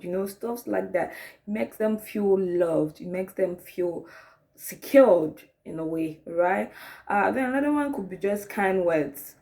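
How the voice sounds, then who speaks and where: A woman's voice: mid-range voice, a little slow, gravelly. A woman with a mid-range voice offers relationship advice in a loose, conversational way. She keeps checking in with her listeners, asking "right?" and "okay?", and she acts out example lines as she explains. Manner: acts out sample dialogue in a rising, animated voice. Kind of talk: casual advice talk.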